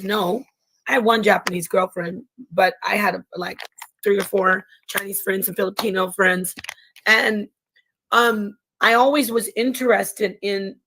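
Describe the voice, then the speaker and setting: A woman's voice: medium pitch, steady tone, a little slow, fairly bright tone, a little hiss or hum, low-quality recording. A woman hosting a livestream in casual chat, rambling, correcting herself mid-sentence and laughing often. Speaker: livestream host. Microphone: livestream mic.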